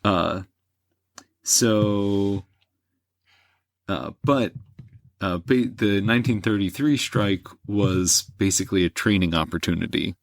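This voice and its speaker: A man's voice: on the low side, slow, gravelly, pauses often, no echo. A man hosting a casual history podcast, explaining events with many fillers and restarts.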